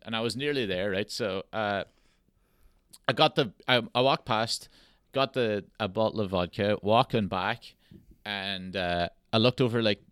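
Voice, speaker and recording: A man hosting a podcast, telling stories in a casual, animated way and swearing freely. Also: on the low side, clear, resonant tone, no echo, clean studio sound. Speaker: podcast host. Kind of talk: casual chat.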